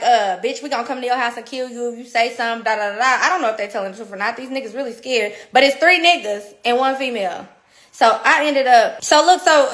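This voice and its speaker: A woman in her thirties telling a story in a casual, animated and profane way, laughing often. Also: high-pitched. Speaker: podcast guest.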